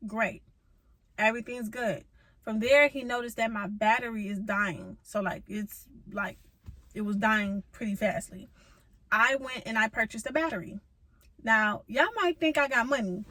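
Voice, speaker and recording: Young woman vlogger, exasperated storytime rant, higher voice, dry close sound. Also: unhurried, bright, forceful tone, dry recording, low-quality recording. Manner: venting, exasperated and profane; emphatic rhetorical asides. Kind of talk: storytime vlog.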